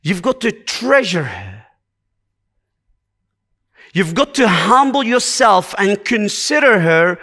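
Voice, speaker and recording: A high-pitched man delivering a sermon at an unhurried, deliberate pace. He preaches earnestly, stacking short repeated commands to press each point home. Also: sing-song, sharp tone.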